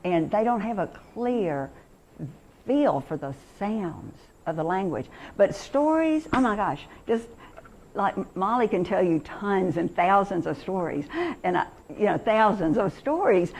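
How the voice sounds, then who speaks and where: A woman's voice: mid-range voice, lively intonation, unhurried, darkish tone, rough recording. A woman in her sixties giving a chatty, encouraging workshop talk on reading to teachers and parents, with many restarts.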